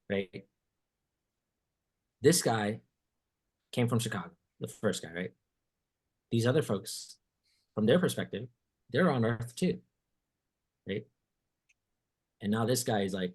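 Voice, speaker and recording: A man hosting a podcast, telling a story in casual chat, animated and swearing casually, acting out what people said. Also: fairly low pitch, unhurried, long pauses, breathy edge. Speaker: podcast host.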